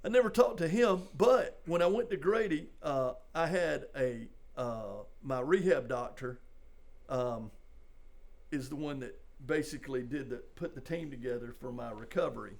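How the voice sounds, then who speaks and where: An older man, a police sergeant, telling a personal story in a halting, conversational way, full of "you know". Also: medium pitch, creaky, darkish tone. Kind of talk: storytelling in a podcast interview.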